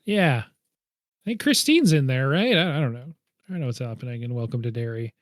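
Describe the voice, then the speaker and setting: A man's voice: mid-range voice, animated, a little fast, no room sound, studio quality. A man co-hosting a movie podcast, chatting casually and hedging his guesses with self-deprecating laughs. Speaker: podcast co-host.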